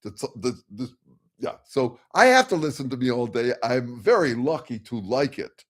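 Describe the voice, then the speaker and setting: A man's voice: mid-range voice, sing-song, moderate pace. An older man hosting a casual discussion, talking frankly and rambling, with restarts and some swearing. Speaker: host. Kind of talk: casual discussion on a video call.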